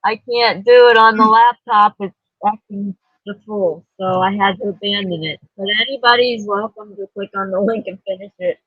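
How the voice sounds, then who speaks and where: Soft spoken english guy running a chill livestream, dry muffled audio. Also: high-pitched, fairly even intonation, moderate pace, no room sound. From England. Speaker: livestream host. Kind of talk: casual chat.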